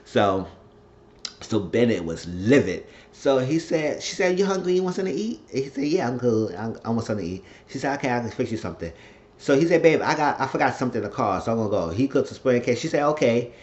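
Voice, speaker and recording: A man casually recapping a TV episode, retelling the scenes as quoted dialogue with profane, excitable asides. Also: medium pitch, quick pace. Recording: dull lo-fi recording.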